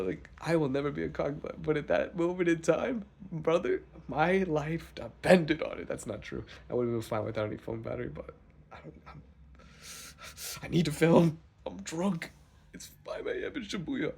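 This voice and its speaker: A young man vlogging, telling a rambling, profane story in a casual, animated way. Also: mid-range voice, quick pace, gravelly, breathy edge.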